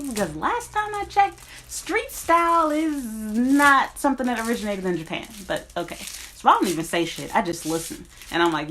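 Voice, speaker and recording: A woman's voice: on the high side, lively intonation, moderate pace, few pauses, fairly bright tone, a little hiss or hum. A woman talking casually to her viewers, blunt and profane, speaking as a teacher. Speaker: teacher in Japan. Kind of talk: casual vlog rant.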